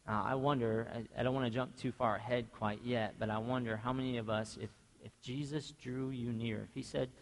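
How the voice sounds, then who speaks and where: A man's voice: medium pitch, brisk, hardly any pauses. Young guy pastor preaching, chatty, keeps asking the church questions, voice rings out in a big echoey sanctuary. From grew up in a half-Mexican household. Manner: conversational, asks the congregation questions; animated storytelling, acts out quoted voices. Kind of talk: sermon. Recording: long church reverb.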